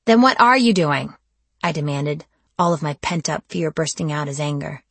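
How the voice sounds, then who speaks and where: Woman narrator as a sharp, defiant teen heroine, low husky voice, dry recording. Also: little pitch movement, moderate pace, dry recording. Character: defiant teenage girl vampire hunter. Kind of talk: audiobook dialogue.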